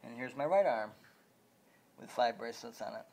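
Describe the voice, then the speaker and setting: A man making a casual home video about video games, talking in a halting, repetitive way with many restarts. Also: mid-range voice, vocal fry, darkish tone. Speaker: video game vlogger. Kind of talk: rambling home video chat.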